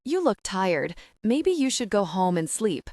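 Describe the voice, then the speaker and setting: A woman voicing a guarded but caring young single mother in a romance audiobook, talking quickly and correcting herself when flustered. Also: mid-range voice, very animated, a little mellow, no echo, studio quality.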